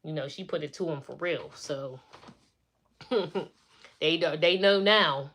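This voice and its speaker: A woman's voice: deep voice, a little slow, fairly bright tone. A middle-aged woman chatting on a live stream, venting as she retells family drama in a casual way.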